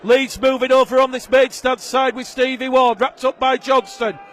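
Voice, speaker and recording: A man calling a live rugby league match, his voice rising to shouts on big plays. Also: extremely high pitch, level tone, moderate pace. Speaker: play-by-play commentator. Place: stadium commentary position. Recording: broadcast with crowd and ambient noise. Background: crowd noise.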